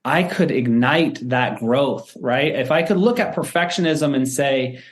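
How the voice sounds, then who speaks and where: A man's voice: medium pitch, a little slow. A man, a former football coach, answering interview questions in an earnest, reflective way with many restarts and tag questions.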